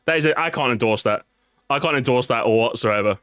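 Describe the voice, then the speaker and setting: A young man streaming casually, excitable and profane, talking straight to his chat. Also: mid-range voice, brisk. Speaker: streamer reacting to a video.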